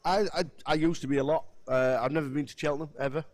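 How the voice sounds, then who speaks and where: A man co-commentating live poker, agreeable and quick with short replies. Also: on the high side, fairly even intonation, no echo.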